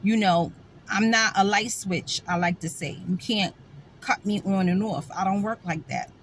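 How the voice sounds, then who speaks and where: A woman's voice: medium pitch, normal speed, fairly bright tone, a little hiss or hum, poor audio. Blunt, sassy middle-aged woman vlogger. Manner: blunt and sassy, with wry laughs. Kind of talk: casual talking-to-camera monologue.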